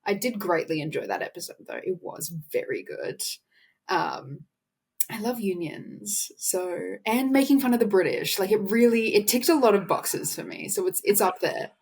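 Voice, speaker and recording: A woman's voice: medium pitch, expressive, normal speed, a little mellow, husky. A woman co-hosting a sports podcast over a video call, talking casually with many restarts. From Australia. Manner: rambling, self-correcting, frank. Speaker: podcast co-host.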